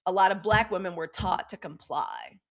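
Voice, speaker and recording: Blunt, animated Gen X woman host. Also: mid-range voice, normal speed. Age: 40s or 50s. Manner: candid, profane, animated storytelling with mock quotes. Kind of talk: live news commentary show.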